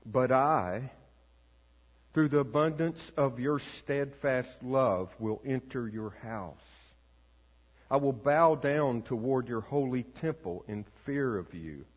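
A man, a pastor, reading scripture aloud and leading prayer in a slow, measured, solemn way. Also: medium pitch. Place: church sanctuary. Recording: long reverb, dull lo-fi sound.

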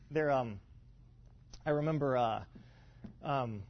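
A pastor teaching a congregation in a loose, conversational way, full of fillers, restarts and rhetorical asides. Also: male voice, medium pitch, slow pace, slight background noise. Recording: dull lo-fi sound.

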